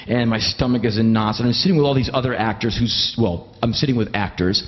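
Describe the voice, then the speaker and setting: A man's voice: mid-range voice, brisk, lo-fi sound. A man doing live comic storytelling, wry and emphatic, swearing freely. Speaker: spoken word storyteller.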